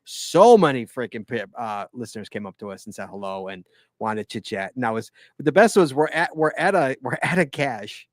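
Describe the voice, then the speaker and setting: A man's voice: medium pitch, expressive, moderate pace, no echo, studio quality. A man hosting a casual podcast, telling rambling stories with enthusiasm and frequent laughter. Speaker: podcast host.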